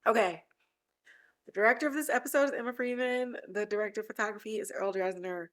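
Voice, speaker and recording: A woman's voice: a little high, steady tone, fast. A woman hosting a casual TV recap podcast, teary and gushing, often laughing as she talks. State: teary, close to crying. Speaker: podcast host.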